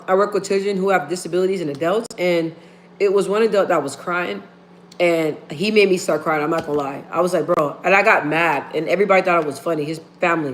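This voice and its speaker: A woman's voice: on the low side, a bit bright. Emphatic woman chatting on a livestream. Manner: emphatic, repeats phrases, talks straight to viewers. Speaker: livestream host. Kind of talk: casual live-stream chat.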